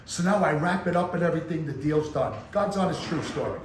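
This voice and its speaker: A somewhat high-voiced man spins a lively story in an echoey room with faint ambience behind him. He hosts his own vlog as a jeweler. He acts out the people in his stories as he goes. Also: fast talker, a little hiss or hum. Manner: animated storyteller, acts out quotes. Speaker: jeweler and channel host.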